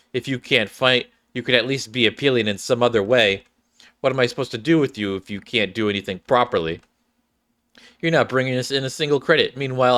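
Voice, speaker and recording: A man's voice: mid-range voice, fairly bright tone, dry recording, studio quality, lightly acted. A man voicing a greedy, contemptuous male owner of fighters who grumbles about his costs.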